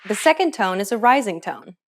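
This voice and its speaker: Lively-voiced woman teaching tones. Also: medium pitch, brisk. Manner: clear, instructive. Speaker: pronunciation teacher. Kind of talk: scripted lesson narration.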